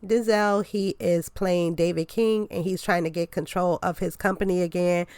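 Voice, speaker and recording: A woman talks through a casual movie review, a little stuffed-up from a cold. Her voice sits on the low side for a woman, chatty and expressive, and she leans on "like" as she goes. The sound is dry and close, with no room echo. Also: moderate pace, clear, resonant tone. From New York. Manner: chatty and expressive, leans on "like", jumps up in pitch for emphasis.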